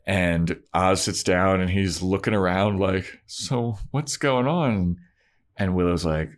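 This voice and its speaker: Podcast co-host, low-pitched man, casual chat, acts out scenes. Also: takes it slowly. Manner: animated retelling, acts out characters' lines. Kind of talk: casual chat recapping a TV episode.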